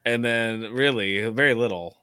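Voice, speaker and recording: An animated man co-hosting a relaxed chat show, laughing often as he talks. His voice sits in a middle register and sounds dry, with no room around it. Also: medium pitch, moderate pace, clean tone, no echo. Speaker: podcast co-host. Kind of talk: casual chat.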